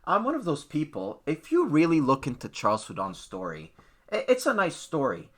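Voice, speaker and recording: Lively, bright-voiced podcast host ranting. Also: male voice, fairly high pitch, moderate pace. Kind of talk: opinionated casual podcast talk.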